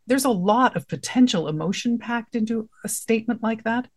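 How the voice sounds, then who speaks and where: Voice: medium pitch, expressive, moderate pace, husky. A writing teacher giving a casual lesson, talking conversationally and explaining through example lines and questions. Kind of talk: casual instructional talk.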